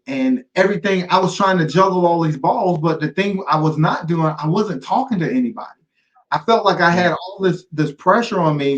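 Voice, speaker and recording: A man's voice: fairly high pitch, dull audio. A middle-aged man speaking as an interview guest, sharing a personal story earnestly and repeating key phrases for weight.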